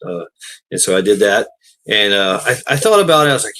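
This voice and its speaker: A man's voice: fairly low pitch, big pitch swings, fairly quick, sharp tone, poor audio. A man hosting a livestream, telling a casual rambling story, laughing often and swearing freely. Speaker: livestream host.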